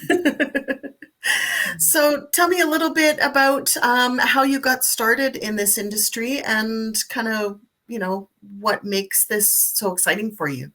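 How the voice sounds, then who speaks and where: A woman hosts an interview, welcoming her guest and asking questions with open excitement. She laughs along readily and keeps the talk moving. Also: fairly high pitch, unhurried. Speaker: host. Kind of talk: interview host.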